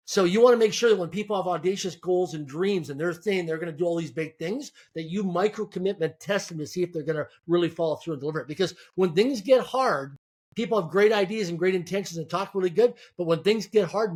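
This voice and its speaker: A man with a notably high speaking voice talks as a guest on an interview podcast. He gives motivational business advice in an emphatic, driving way. He often repeats words and restarts phrases, and he stacks his points into quick lists. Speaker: guest entrepreneur.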